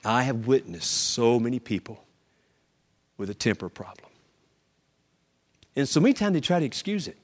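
A male pastor preaching a sermon, animated storytelling with acted-out voices and sudden shouts. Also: medium pitch, moderate pace, pauses often, in a large hall.

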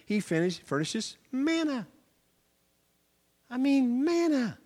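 A male pastor preaching a sermon, animated storytelling with acted-out voices and sudden shouts. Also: extremely high pitch, slow, in a large hall.

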